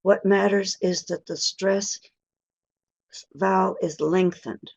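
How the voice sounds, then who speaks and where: An older woman teaches pronunciation in an unhurried, deliberate way, drawing out stressed vowels to show them. Her voice carries a gravelly edge. The sound is dry and close, straight into the mic. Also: lowish voice, fairly even intonation, a little mellow, dry recording. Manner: patient and encouraging with the audience. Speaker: pronunciation teacher giving a webinar. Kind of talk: slow, deliberate lecture.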